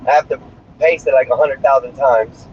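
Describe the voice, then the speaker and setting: His voice is mid-range with fairly even intonation and a moderate pace as he livestreams while driving. The talk is brash, crude and rambling, recorded on a phone in the moving car, sounding muffled over faint road noise.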